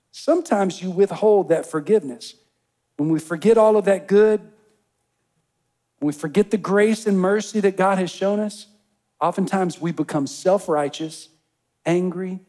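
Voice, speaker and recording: A man's voice: sits high, warm tone. A pastor preaching a sermon, reading a parable and speaking straight to his congregation with rising emphatic bursts. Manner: addresses the congregation directly.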